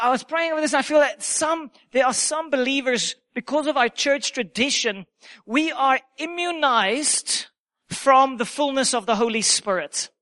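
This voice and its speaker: A male preacher with a strikingly high voice delivers a sermon. His tone is bright and sharp. He hammers home key phrases by repeating them with emphasis.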